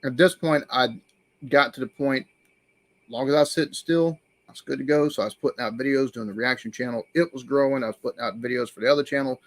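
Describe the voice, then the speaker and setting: Man, live-stream host, animated storyteller, dry close sound. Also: mid-range voice, quick pace, no room sound. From United States. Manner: animated storyteller, acts out quoted voices. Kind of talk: casual live-stream chat.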